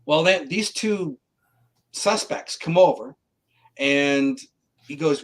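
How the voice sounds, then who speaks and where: The audio is poor, and the man's voice sits on the high side as he takes his time, pausing often. A middle-aged guest psychic from Canada, he shares a story in a casual interview with animated delivery, acting out the voices of those he quotes.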